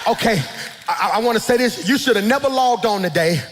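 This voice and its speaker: A man preaching a sermon as pastor, shouting in a sing-song cadence and dropping into hushed storytelling asides. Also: high-pitched, expressive, brisk. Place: large church hall. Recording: reverberant church hall.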